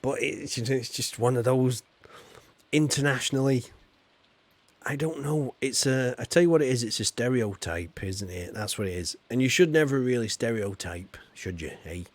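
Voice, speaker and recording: A chatty man with a Yorkshire accent, talking through a game stream in a loose, self-deprecating way. His voice sits at a middling pitch, and he answers his chat as he plays. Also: normal speed, no room sound. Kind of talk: casual livestream commentary.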